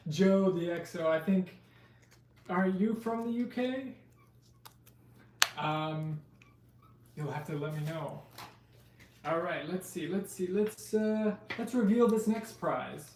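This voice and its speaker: Slow, mellow-voiced man streaming card openings. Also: sits high. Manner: chatty, talks to chat, lists card names aloud. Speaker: live-stream host opening trading card packs. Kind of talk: casual live-stream chat. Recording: roomy, distant mic with faint noise.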